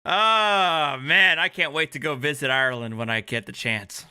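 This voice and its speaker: A man's voice: medium pitch, fairly quick, clean tone. A tipsy man hosting a stream, reacting casually with laughter and swearing. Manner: laughing, profane, excitable. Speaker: streamer hosting a review show.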